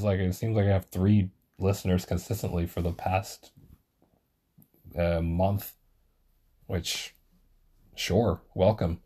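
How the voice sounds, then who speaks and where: A man with a deep, somewhat husky voice hosts his own podcast alone. He rambles loosely from one thought to the next, swears freely and pokes fun at himself. His tone stays dark and mellow rather than bright. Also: a little slow, pauses often. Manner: rambling, swears a lot, self-deprecating. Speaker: solo podcast host. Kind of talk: casual rambling monologue.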